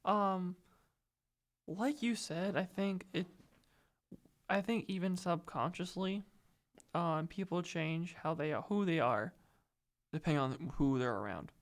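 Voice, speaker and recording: A man's voice: high-pitched, unhurried, long pauses. A young man co-hosting a casual podcast chat, speaking hesitantly with short agreeing replies. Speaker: podcast co-host.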